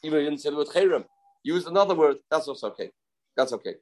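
A man's voice: a little high, expressive, rapid-fire, darkish tone, low-quality recording. A man gives an informal daily Talmud class. He lays out each point step by step and repeats the key phrases. He asks his listeners rhetorical questions as he goes. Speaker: Talmud teacher.

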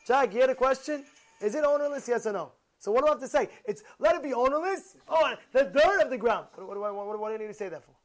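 A man with a very high-pitched voice preaches a sermon. He tells his stories in an animated way and keeps putting questions to his listeners. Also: quick pace. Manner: animated storytelling, rhetorical questions to the audience. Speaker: rabbi.

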